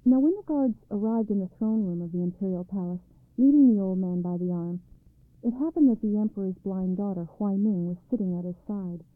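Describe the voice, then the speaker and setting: A woman narrating a storybook in a calm, measured read-aloud way, on a tinny recording. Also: mid-range voice, dry recording, soft background music. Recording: dry, tinny phone-like sound.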